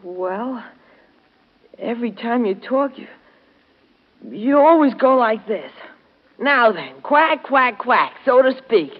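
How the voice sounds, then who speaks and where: An actor playing a sheepish, cheeky schoolboy in an old radio play, who talks in slang and mimics quacking. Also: male voice, very high voice, lively intonation, slow, pauses often, highs cut off, full character voice. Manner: colloquial slang, mocking quacks. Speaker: schoolboy pupil.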